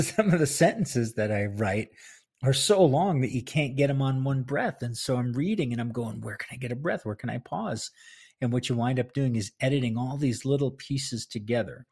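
A man's voice: mid-range voice, darkish tone, breathy edge. A man hosting a casual solo podcast from his home office, chatty and self-deprecating, laughing often. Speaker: podcast host. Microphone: close podcast mic.

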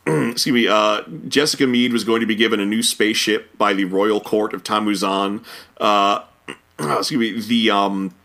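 A man co-hosting a casual podcast about an old cartoon series, lively and chuckling, often stumbling over names. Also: mid-range voice. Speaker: podcast co-host.

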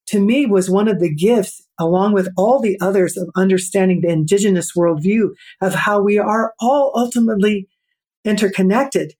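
A middle-aged woman, a podcast guest, telling a personal story in an earnest, reflective way and slowing down for emphasis. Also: medium pitch, a little mellow. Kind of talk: storytelling in an interview.

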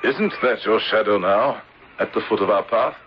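An actor playing a courteous, resolute gentleman investigator who speaks in a measured way, in a muffled old radio recording with hiss. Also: on the low side, close to an everyday voice. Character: composed gentleman sleuth, resolute and polite. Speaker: narrator and lead character. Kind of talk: 1940s radio acting.

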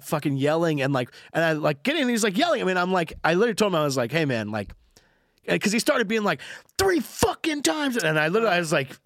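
A man tells a story at a quick clip, his voice sitting a little high. He acts out other people's lines as he goes. The sound is dry and close. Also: no echo. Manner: fast, animated storytelling with acted-out quotes. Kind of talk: casual storytelling chat.

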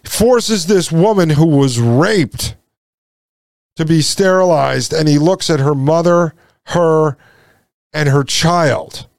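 A man hosting a commentary show, talking to listeners with indignation and repeating his points. He slows down and drops low for emphasis. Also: dry recording, clean studio sound. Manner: indignant, repeats lines, addresses listeners as folks. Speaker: podcast host. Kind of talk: impassioned commentary.

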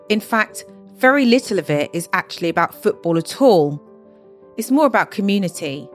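A woman hosting a podcast, interviewing guests and reading measured scripted narration. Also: fairly low pitch. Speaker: podcast host.

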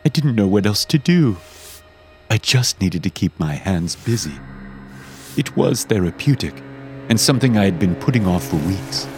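A man's voice: low-pitched, normal speed. Dramatic male horror-story narrator. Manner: dramatic, expressive first-person telling. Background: music.

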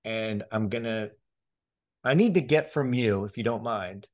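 A man hosting a casual podcast conversation, excitable, swearing freely, often restarting his sentences and laughing. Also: fairly low pitch, measured pace. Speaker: podcast host.

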